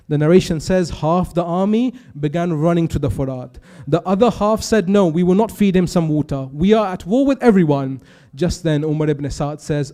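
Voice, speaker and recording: A man with a British accent delivers a mournful sermon, his voice pitched high and mellow. His tone is smooth and resonant. He stretches out the quoted lines slowly and pleadingly as he tells the story. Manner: emotive storytelling with quoted dialogue, slow pleading stresses. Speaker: majlis speaker.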